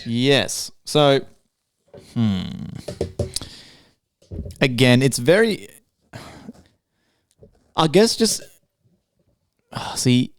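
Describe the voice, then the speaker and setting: A man's voice: medium pitch, big pitch swings, drawn-out words, pauses often, clean tone. A man co-hosting a podcast in casual chat, slangy and swearing. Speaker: podcast co-host.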